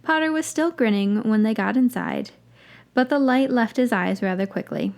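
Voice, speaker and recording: A woman's voice: a little high, moderate pace, darkish tone. A woman hosting a podcast, reading a story aloud and breaking off for wry, dry asides. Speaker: podcast host reading fan fiction.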